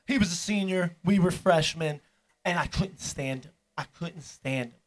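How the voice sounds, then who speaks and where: A man's voice: sits high, normal speed. A young man telling a rambling, profane story in casual chat with a friend.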